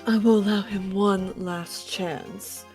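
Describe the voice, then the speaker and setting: A woman reading a stern, formal judge-prosecutor's lines aloud while streaming a game, measured and dramatic. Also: medium pitch, steady tone, darkish tone, husky, faint music behind. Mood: imperious.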